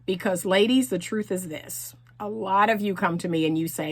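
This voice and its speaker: A woman's voice: medium pitch, normal speed, few pauses. A middle-aged woman relationship coach giving earnest, emphatic advice to women, repeating her key phrases for emphasis. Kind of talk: direct-to-camera advice talk.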